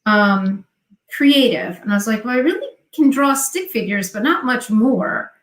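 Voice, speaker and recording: Jersey lady telling stories on a video call, acts out the quotes, kinda high voice, echoey room. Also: measured pace. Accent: New Jersey. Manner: animated storyteller acting out quoted dialogue. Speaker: guest. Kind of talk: casual chat.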